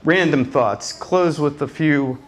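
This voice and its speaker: A male stand-up comedian with a fairly high voice, working a nightclub crowd through a handheld mic. He tells wry family stories and drops deadpan asides. Laughter from the audience rolls around him. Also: takes it slowly. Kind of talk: stand-up routine. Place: nightclub stage before a live audience. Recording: live club with audience laughter.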